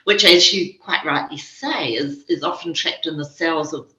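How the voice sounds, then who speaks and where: An older New Zealand woman with a bright, forceful tone talks gently and reflectively. Her voice comes over a video call that sounds muffled and echoey. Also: deep voice, measured pace. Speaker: guest spiritual teacher. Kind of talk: casual conversation.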